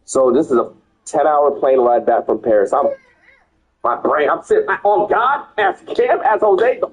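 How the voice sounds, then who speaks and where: An excitable young man tells a story in fast, loose chat. His pitch jumps all over the place, and his voice sits a little high. He swears often and stumbles over repeated words. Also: dull audio. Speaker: streamer telling a story. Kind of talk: casual storytelling.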